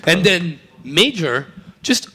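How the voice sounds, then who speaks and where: A man's voice: high voice, sing-song, takes it slowly, pushed and bright, slightly rough. A man with a French accent giving chatty analysis as an esports co-caster, often restarting his sentences. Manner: chatty, restarts and self-corrections. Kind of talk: analysis commentary.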